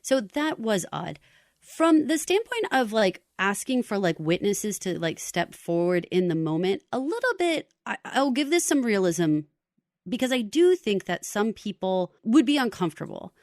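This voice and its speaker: A woman's voice: mid-range voice, very animated, normal speed, darkish tone, no echo, studio quality. Chatty woman podcast co-host. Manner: conversational, with a lot of likes and you-knows. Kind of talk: casual chat.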